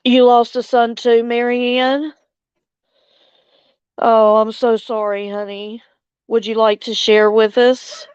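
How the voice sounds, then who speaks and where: Older lady on a livestream, slow and teary, smooth voice, kinda dull lo-fi audio. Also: fairly high pitch, level tone, darkish tone, no echo. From Louisiana, USA. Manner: slow, tender, chuckling between lines. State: tearful. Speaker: livestream host. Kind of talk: casual livestream chat.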